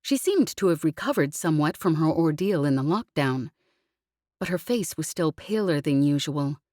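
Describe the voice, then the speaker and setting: A woman narrating a science fiction audiobook with an even, expressive reading. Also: deep voice, normal speed, dry recording, clean studio sound. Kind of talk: scripted narration.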